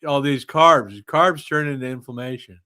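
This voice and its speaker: A man hosting a podcast, drifting through rambling, absurd tangents in a middle-pitched voice. The sound is dry and close, with no room echo around him. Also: steady tone, normal speed, pushed and bright. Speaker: podcast host. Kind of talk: casual podcast chat.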